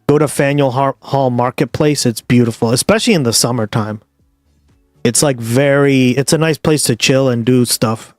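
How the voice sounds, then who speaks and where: A man's voice: medium pitch, dry recording. A man from the Boston area with a Boston accent, chatting casually and profanely to viewers on a live stream. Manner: rambling, profane, addresses viewers directly. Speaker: livestream host.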